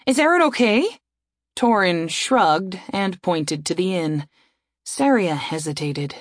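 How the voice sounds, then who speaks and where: Woman reading a story out slow, lively tone, dry close mic. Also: fairly low pitch, dry recording. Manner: measured, expressive reading. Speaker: audiobook narrator. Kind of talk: scripted story narration.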